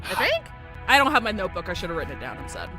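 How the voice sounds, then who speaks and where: A woman arguing a theory on a live stream, emphatic and animated, with some swearing. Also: medium pitch, very fast, music in the background. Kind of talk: casual stream chat.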